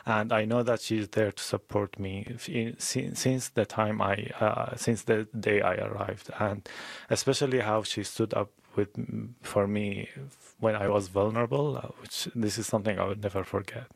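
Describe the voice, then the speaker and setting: Low gravelly-voiced man, hesitant. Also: steady tone, moderate pace, dry recording. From a conservative country abroad. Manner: hesitant, many restarts and fillers. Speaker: interview guest. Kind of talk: emotional radio interview.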